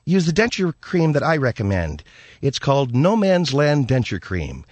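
A man's voice: medium pitch, wildly swooping pitch, moderate pace, darkish tone, slight background noise. A man doing a lisping older actress. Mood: flustered. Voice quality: lisp. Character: aging actress with loose dentures.

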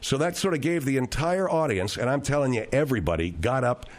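A man's voice: mid-range voice, animated, brisk. A man hosting a radio talk show, telling rambling, digressive stories with frequent restarts.

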